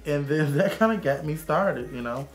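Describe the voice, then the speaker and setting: A man, a makeup artist giving a sassy, chatty casual makeup tutorial. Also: on the high side. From Arkansas, USA. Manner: sassy and chatty, calls viewers honey and child.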